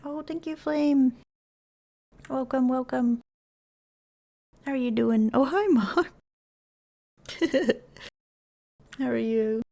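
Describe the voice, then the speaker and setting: A woman's voice: high-pitched, steady tone, slow, gravelly, long pauses, warm tone. A woman streaming a video game, chatting casually with viewers in a giggly, easily startled way. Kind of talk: casual gameplay chat. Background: faint game music.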